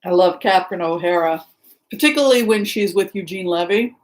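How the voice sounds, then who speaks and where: A woman's voice: lowish voice, fairly quick, low-quality recording. A middle-aged woman from the Seattle area, chatting casually and rambling as she greets viewers by name during a livestream. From Seattle area, Washington. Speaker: livestream host. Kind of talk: casual chat with live viewers.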